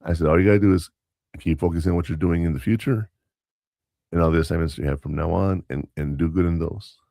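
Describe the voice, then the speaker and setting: Low gravelly male podcast co-host, rambling anecdotal storyteller, dry close sound, casual chat. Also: steady tone, fast, dark tone, dry recording. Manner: rambling, anecdotal, with self-corrections and quoted dialogue. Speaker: podcast co-host and substitute teacher.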